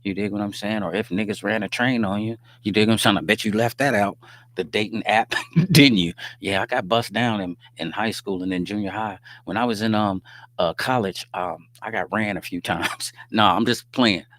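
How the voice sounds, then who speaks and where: On a livestream microphone, a man with a fairly low, steady, fairly bright voice talks at normal speed. He hosts a faith-focused stream, preaching loosely with slang and joking asides and frequently checking in with a "you dig what I'm saying."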